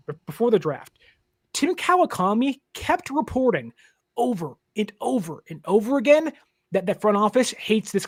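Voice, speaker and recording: A man co-hosting a sports podcast, chatting casually, acting out quotes in little voices and laughing along. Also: sits high.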